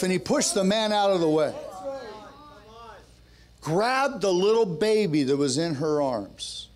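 A man's voice: sits high, lively intonation, a little slow, pauses often, darkish tone. A man preaching a sermon at a men's gathering, telling a story and then building to fervent, rousing exhortation with joking, conversational asides.

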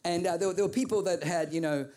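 A man from Australia preaching a sermon, telling stories in an animated way with repeated words. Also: high-pitched, fast. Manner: animated storytelling with comic voices and repeated words.

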